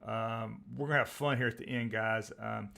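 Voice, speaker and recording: Texas-born male stream host, excitable and rambling, live stock trading commentary. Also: on the low side, moderate pace, gravelly. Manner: rambling, excitable, reads out tickers.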